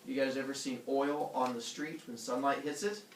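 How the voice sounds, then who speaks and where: A man teaching a class, retelling a myth with lively acted-out character voices. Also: medium pitch, normal speed, a little hiss or hum. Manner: animated, acts out characters with silly voices. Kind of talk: storytelling lesson to students. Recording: echoey room from far off.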